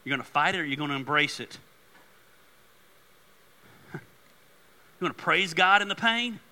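Animated joking male pastor, bright tone. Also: fairly high pitch, moderate pace. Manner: animated, joking storyteller who turns earnest. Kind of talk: sermon.

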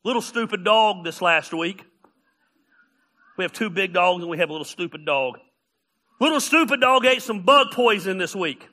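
A man preaching a sermon, telling funny stories and often raising his voice to a shout. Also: high-pitched, normal speed, long pauses. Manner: animated, often shouting, storytelling. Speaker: pastor.

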